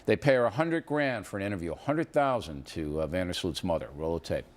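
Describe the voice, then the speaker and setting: Blunt, animated male talk-show host. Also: deep voice, fairly quick. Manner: blunt, emphatic, interrupts. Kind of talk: opinionated talk-show banter.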